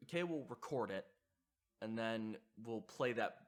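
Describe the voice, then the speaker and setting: A man's voice: lowish voice, lively intonation, a little slow. Hesitant man musing through commentary. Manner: hesitant, frequent fillers and restarts. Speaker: video essay host. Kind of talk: reflective commentary on horror sound design.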